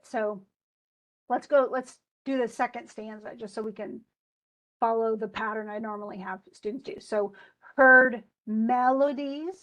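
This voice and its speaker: Woman teacher rambling through a lesson, kinda high voice, keeps restarting herself, excited about it. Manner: chatty, self-correcting, enthusiastic. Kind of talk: casual classroom lecture.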